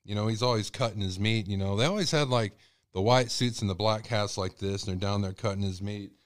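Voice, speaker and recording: A man's voice: fairly low pitch, fairly quick, no echo, studio quality. A male host telling a rambling, folksy story in a casual monologue. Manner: rambling, folksy, many fillers.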